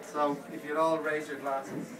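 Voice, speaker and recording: A man giving a best man's speech at a wedding, telling a story and quickly acting out what others said. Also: fairly high pitch, little pitch movement, very noisy. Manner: anecdotal, playing others' lines in quick quotes. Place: wedding reception hall. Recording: echoey hall, speaker far from mic, loud music.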